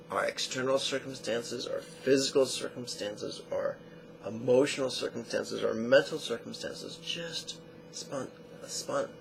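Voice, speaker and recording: A man with a gravelly voice gives a meditation lesson at a calm, measured pace, coming back again and again to short repeated phrases. Faint noise hangs behind him. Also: medium pitch, poor audio. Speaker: meditation teacher.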